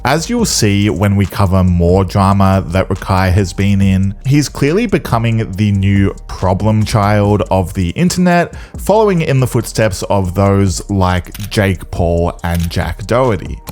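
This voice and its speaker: A man's voice: on the low side, darkish tone. A man narrating scripted drama commentary in a blunt, dismissive way. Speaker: commentary channel host.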